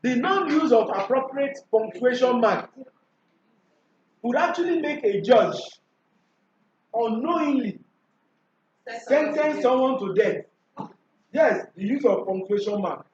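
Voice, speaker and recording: A high-voiced man leads a classroom revision lesson, quizzing his students and repeating questions back at them. He is heard from a distance in an echoey room. The recording sounds dull and lo-fi. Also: animated, takes it slowly, long pauses, slight background noise. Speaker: teacher. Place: school classroom.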